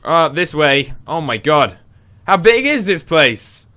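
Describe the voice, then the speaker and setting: A man giving casual let's play commentary on a horror game, chatty and confused, reacting out loud. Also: a little high, big pitch swings, slow pace. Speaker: gaming video host.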